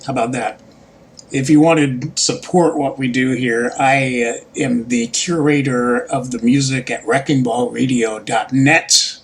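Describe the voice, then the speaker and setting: A man's voice: medium pitch, steady tone, a little slow, slightly rough, low-quality recording. A middle-aged man hosting his own commentary channel, talking in a casual, rambling solo monologue full of fillers, restarts and wry joking asides. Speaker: YouTube political commentary host.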